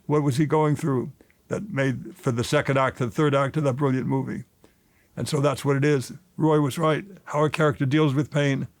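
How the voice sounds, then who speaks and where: A man's voice: normal speed, no echo. A man in his seventies, an actor and author, telling stories in an interview and getting emotional as he talks. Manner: emotional, rises in pitch when excited. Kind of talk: animated storytelling interview.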